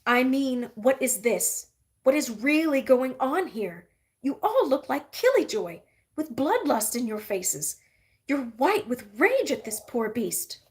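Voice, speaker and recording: A woman voicing a fierce, scornful adult witch who scolds in a sharp, biting way. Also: high voice, big pitch swings, slow, heavily acted. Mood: indignant.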